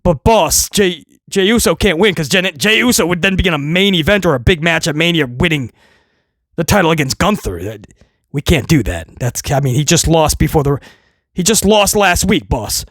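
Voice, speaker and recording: A timid male staff writer pleads with his boss, stammering and deflated, as a ranting man puts him on. The voice sinks low and soft, and it sounds dry and close. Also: expressive, moderate pace, dry recording. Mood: pleading. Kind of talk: comedic skit within a rant.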